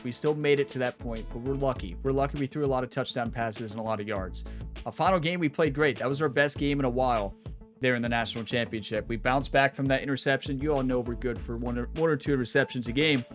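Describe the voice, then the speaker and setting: A man hosting a gaming channel, wrapping up a series in casual, rambling chat, often laughing and swinging between excited and subdued. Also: mid-range voice, fast talker, soft background music. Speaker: gaming YouTuber host.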